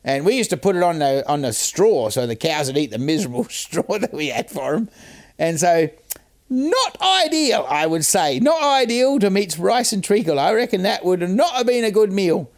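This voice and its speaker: A man's voice: high-pitched, big pitch swings, normal speed. An older man hosting a chatty, self-mocking talk about a nursery rhyme's history, with some salty language. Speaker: host. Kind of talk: casual storytelling explainer.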